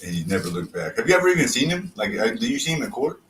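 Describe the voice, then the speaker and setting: A man's voice: medium pitch, very animated, rapid-fire, fairly bright tone, a little hiss or hum, poor audio. A man hosting a casual livestream, questioning his guest with teasing, prodding questions. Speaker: livestream host.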